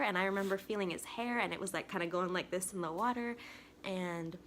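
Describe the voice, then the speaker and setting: A young woman vlogger telling a personal story in a casual, chatty, excitable way. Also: fairly low pitch, a little fast, a little hiss or hum. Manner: excitable, chatty, talks with 'like' often.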